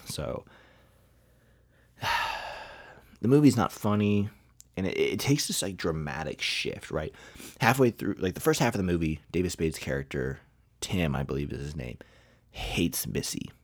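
A very deep-voiced man hosts a podcast and runs through his movie rankings. He talks in a blunt, rambling, profane way, full of "like" and "you know". His voice sounds dry and close. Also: expressive, normal speed, pauses often, no room sound. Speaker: podcast host. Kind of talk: casual movie review ranking.

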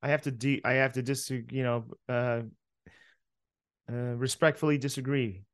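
A man's voice: mid-range voice, fairly even intonation, normal speed, no room sound, clean studio sound. A man co-hosting a comedy podcast in casual chat, hesitant and playful as he sets up comic bits. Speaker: podcast co-host.

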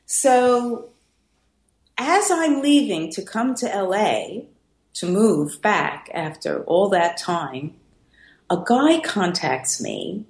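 Animated woman telling stories, echoey room. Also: mid-range voice, takes it slowly. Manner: animated, acts out voices in her stories. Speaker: artist guest. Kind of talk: casual storytelling interview.

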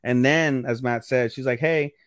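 A man co-hosting a casual podcast, recapping an anime episode with lively acted-out quotes and casual swearing. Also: medium pitch, normal speed, no echo, studio quality. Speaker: podcast co-host. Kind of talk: casual anime review chat.

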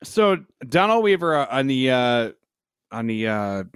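A man's voice: mid-range voice, sing-song, measured pace, smooth, no room sound, studio quality. A man co-hosting a casual sports podcast, joking and sarcastic about his team. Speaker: podcast co-host.

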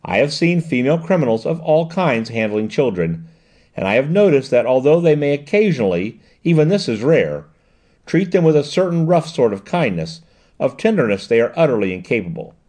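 A sharp, composed woman detective lays out her reasoning point by point, read by a man. The voice is mellow and warm, with a lively rise and fall, precise and measured in an audiobook reading. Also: medium pitch. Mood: explaining.

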